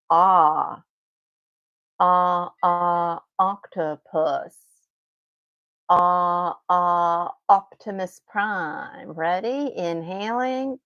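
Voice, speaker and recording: Drawing out vowels in an unscripted guided exercise, this woman teaches voice and breathing, frequently laughing and offering encouragement. She has a lowish voice, captured in a dry, muffled recording.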